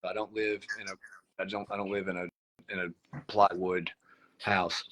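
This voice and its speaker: A man with an Appalachian Southern accent, a musician guest in a casual chat over a video call from his barn, relaxed, joking and swearing freely. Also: sits low, normal speed, poor audio.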